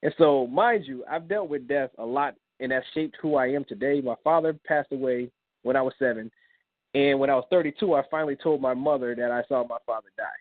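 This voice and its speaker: A man's voice: medium pitch, a little fast, no echo. A man in his thirties, a comic book creator, telling personal stories as a guest on a call-in radio show. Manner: animated, recounts with quoted dialogue. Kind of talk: casual storytelling on a radio interview. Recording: tinny phone line.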